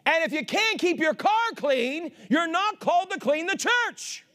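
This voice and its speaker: A man preaching a sermon with fervor, swinging between shouts and hushed asides and calling on the congregation for amens. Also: extremely high pitch, animated, measured pace. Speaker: pastor.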